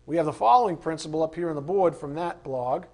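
High-voiced man teaching scripture. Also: fast, darkish tone. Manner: earnest, reads passages aloud with casual asides. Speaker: Bible study teacher. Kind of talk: conversational Bible teaching.

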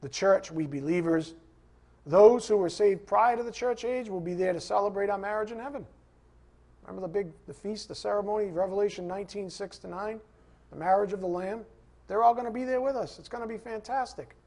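A man's voice: high voice, a little fast, darkish tone. A man preaching a sermon, repeating scripture references and putting questions to his congregation in an emphatic style. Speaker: pastor.

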